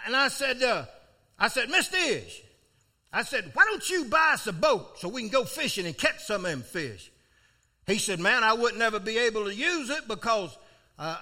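An older man preaching, telling a folksy story from his own life, with sudden loud outbursts. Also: high-pitched. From South Florida. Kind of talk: storytelling sermon.

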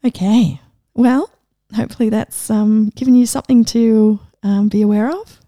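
A middle-aged woman coach giving a casual, enthusiastic inspirational talk, animated and laughing often. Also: a little high, moderate pace, no room sound, clean studio sound.

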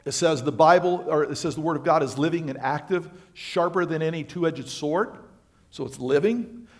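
A male pastor preaching a sermon to his congregation, swinging between loud emphatic lines and quiet, low asides. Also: normal speed. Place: church sanctuary.

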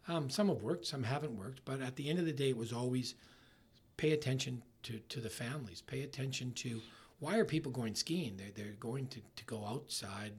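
A middle-aged man in a casual interview, talking in halting bursts with many restarts and trailing off softly. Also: mid-range voice, husky. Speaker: ski resort marketing executive, guest.

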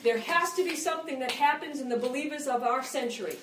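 Middle-aged female preacher, fervent and chatty, fairly high voice, distant mic in a roomy hall. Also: fast, noisy background. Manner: impassioned, conversational, acts out quoted prayers. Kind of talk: sermon. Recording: echoey room, mic at a distance.

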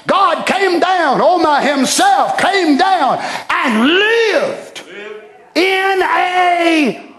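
A man preaching a fervent evening sermon in church, shouting passages and then dropping to quiet asides. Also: extremely high pitch, expressive, drawn-out words, some chatter behind. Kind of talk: impassioned sermon. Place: church sanctuary. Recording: echoey church hall.

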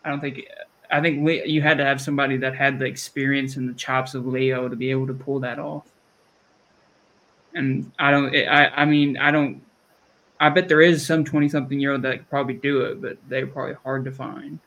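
A man's voice: medium pitch, flat delivery, brisk, a bit bright, lo-fi sound. Chatty Southern man hosting a podcast. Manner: rambling, chatty, restarts sentences. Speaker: podcast host. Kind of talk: casual chat.

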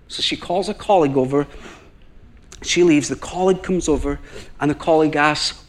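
A man from Northern Ireland, with a fairly high voice and a fairly quick pace, preaches a sermon as a guest preacher. He's an animated storyteller, acting out the people he quotes in the tale.

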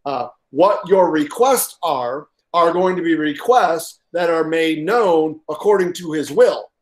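A man preaching a sermon as pastor, stressing points with pauses for effect, repeating key lines and often filling gaps with "uh". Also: a little high, animated. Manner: halting with frequent uh fillers.

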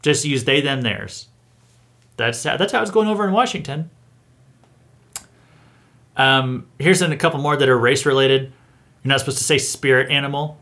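A man's voice: medium pitch, moderate pace, long pauses, sharp tone. A man hosting an opinion commentary show, reading out a list with sarcastic, incredulous asides and chuckles.

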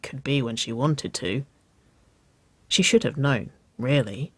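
Soft, slow romance reader, dry close sound. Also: medium pitch, expressive, dry recording. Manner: slow, soft, intimate reading. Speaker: audiobook reader. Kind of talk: romance story narration.

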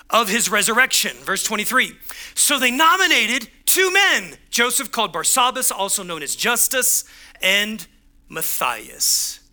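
Emphatic high-voiced man preaching. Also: bright, forceful tone. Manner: emphatic preacher, punchy repeated phrases, acts out quoted voices. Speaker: pastor. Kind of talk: sermon.

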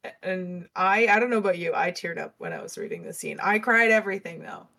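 A woman's voice: on the low side, brisk, vocal fry, sharp tone. A young woman co-hosting a casual book podcast, earnest and emotional, with some casual swearing. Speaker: podcast co-host.

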